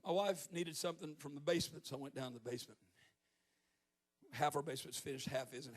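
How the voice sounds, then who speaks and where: A guest preacher in his fifties gives a sermon at a church service, mixing stories with joking asides and building to shouted peaks. He speaks at a medium pitch.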